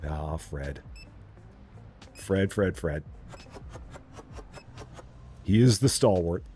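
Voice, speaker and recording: A man's voice: deep voice, expressive, very slow, dark tone, faint music behind. A man streaming a game live, chatting and joking with his viewers. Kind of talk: casual live gameplay commentary.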